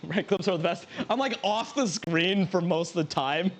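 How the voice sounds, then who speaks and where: His voice sits high and moves at a normal speed, with a little hiss or hum on the recording. While cooking on a live stream, this man chats loosely, mocks himself, and laughs often.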